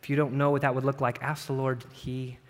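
A middle-aged man preaching a sermon in a conversational way, often asking "right?" and moving between loud, lifted passages and hushed ones. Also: mid-range voice, flat delivery, brisk. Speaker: pastor. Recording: long hall reverb.

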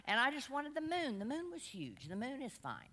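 A woman's voice: high-pitched, sing-song, normal speed, pushed and bright. A middle-aged woman, telling rambling, self-deprecating anecdotes to a group in a large room. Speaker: women's class speaker. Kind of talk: storytelling talk to a group. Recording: long hall reverb.

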